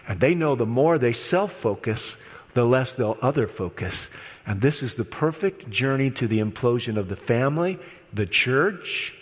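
Impassioned preacher in a reverberant auditorium. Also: male voice, medium pitch, breathy edge. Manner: impassioned, appealing, swings between loud storytelling and hushed pleas. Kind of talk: evangelistic sermon. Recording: long hall reverb.

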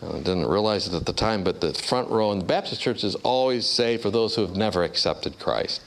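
Speaking fairly quickly with vocal fry, a man gives a storytelling sermon and performs the voices of the people he describes. His animated style includes big jumps in pitch as he acts out each character.

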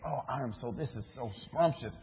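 A man's voice: medium pitch, a little fast. A man, a minister, preaching a sermon, telling a story with acted-out dialogue and rhetorical questions. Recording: dull echoey hall recording.

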